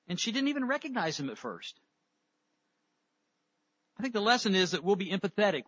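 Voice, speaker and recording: A man delivers a sermon in a high, bright voice with a husky edge to it. He reads scripture aloud and then explains it, asking questions of his listeners. The recording sounds dull and lo-fi. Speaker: preacher.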